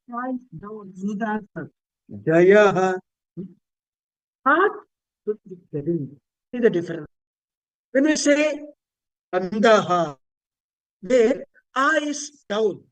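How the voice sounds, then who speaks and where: An Indian man with an extremely high-pitched voice leads a webinar on Vedic chanting, heard through a video call. He explains patiently and chants Sanskrit words to show their intonation, though the recording is rough.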